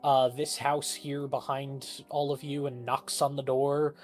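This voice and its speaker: A woman running a tabletop game as game master, narrating in a relaxed, unhurried way. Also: extremely low pitch, soft background music.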